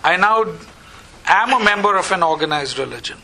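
Bright-voiced man telling his story. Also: high voice, a little fast, poor audio. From India. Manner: lively, acts out remembered dialogue. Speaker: recovery meeting speaker. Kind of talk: personal storytelling share.

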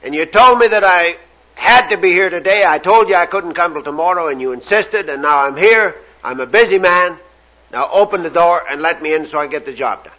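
A man playing an impatient working plumber, raised and insistent, with a bright, pushed tone. His voice comes through a dull, lo-fi recording. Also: very high voice, animated, normal speed, pitched above the performer's own voice, exaggerated voice. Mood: exasperated. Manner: exasperated, insistent. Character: impatient busy male plumber, irritable.

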